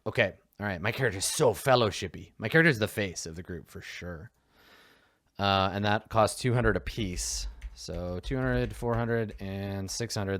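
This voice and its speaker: A man casually talking through tabletop character creation, excitable, laughing and swearing freely. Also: on the low side, dry recording. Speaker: tabletop game player.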